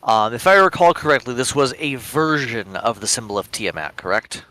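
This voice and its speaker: A man's voice: mid-range voice, lively intonation, moderate pace, bright, forceful tone, no echo. A man playing a tabletop role-playing game, speaking thoughtfully in a slightly formal in-character way. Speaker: player. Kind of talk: casual tabletop role-play.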